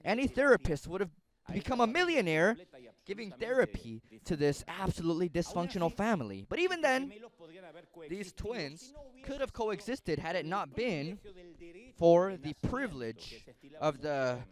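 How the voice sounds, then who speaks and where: A male pastor preaching a sermon as an animated storyteller who jokes with the congregation. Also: high-pitched, normal speed.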